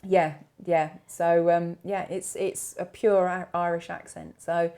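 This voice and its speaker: A woman's voice: fairly low pitch, little pitch movement, measured pace, vocal fry, mellow. A woman working as a trance medium, talking casually in an interview, chatty and full of fillers and restarts. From England. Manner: chatty, laughs often, many fillers and restarts.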